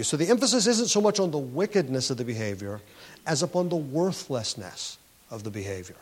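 A man's voice: fairly high pitch, very animated, fairly quick, slight background noise. A man preaching a sermon, explaining scripture in an earnest teaching tone, with frequent restarts and words stressed for emphasis. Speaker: pastor.

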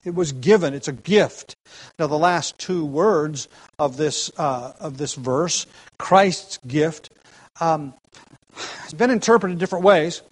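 A pastor preaching an expository sermon, explaining the text slowly and repeating key phrases for emphasis. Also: male voice, fairly high pitch, slightly rough, poor audio.

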